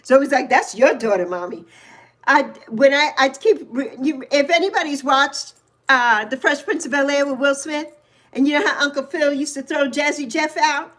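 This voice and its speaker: Chatty woman in her sixties, high voice. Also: moderate pace. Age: 60s. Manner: chatty, animated, greets viewers by name. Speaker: livestream host. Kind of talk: casual storytelling on a livestream.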